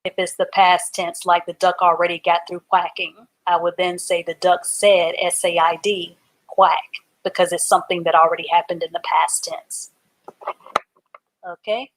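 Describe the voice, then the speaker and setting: Speaking at a normal pace with a low-ish, flat delivery, a woman leads a live online reading class for adults. She spells words patiently letter by letter and supplies example sentences.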